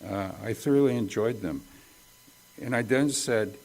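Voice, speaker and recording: A male pastor giving a conversational sermon at a church service, folksy and quick to joke about his own slips. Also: medium pitch, a little mellow.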